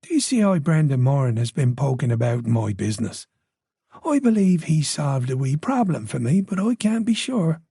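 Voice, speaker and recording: Man putting on a soft purring irish villain, soothing but menacing, audiobook thriller, dry. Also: mid-range voice, sing-song, moderate pace, vocal fry, husky, dry recording, full character voice. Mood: menacing calm. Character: soft-spoken menacing Irish male caller.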